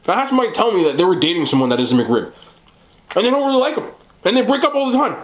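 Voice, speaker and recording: A man hosting a mukbang, chatting casually while eating, talking in an animated way with loud bursts. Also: high-pitched, racing. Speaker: mukbang host.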